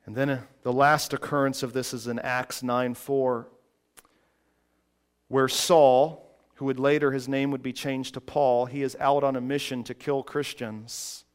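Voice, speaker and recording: A man preaching a sermon, moving from quiet reflective passages to loud, emphatic preaching. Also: medium pitch, flat delivery, a little slow, smooth. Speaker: pastor.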